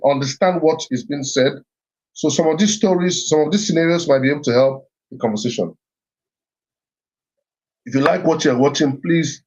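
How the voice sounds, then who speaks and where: A middle-aged Nigerian man hosts a motivational live stream, speaking earnestly and often restarting or repeating himself. His voice is fairly high with a darkish tone, and the sound is lo-fi.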